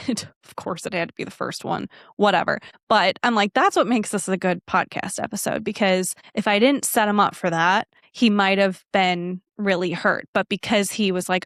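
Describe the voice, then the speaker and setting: A woman hosting her own podcast, talking in a chatty, animated way and slipping into the voices of people in her story. Her voice sits at a middle pitch for a woman. The recording is dry and close, with no room sound. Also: normal speed, dry recording. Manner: animated, acts out quoted dialogue; chatty with frequent fillers and asides. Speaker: podcast host. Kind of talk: casual solo podcast storytelling.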